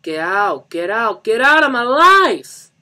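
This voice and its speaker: A man's voice: very high-pitched, sing-song, slow, sharp tone, voice pushed up, full character voice. A man voicing a betrayed, furious lover who wails and screams his anguish. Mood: screaming.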